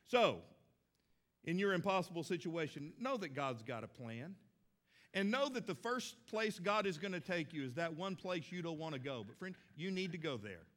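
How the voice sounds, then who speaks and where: A man's voice: a little high, fairly bright tone. A middle-aged man preaching a sermon as a pastor, folksy and conversational with emphatic stresses.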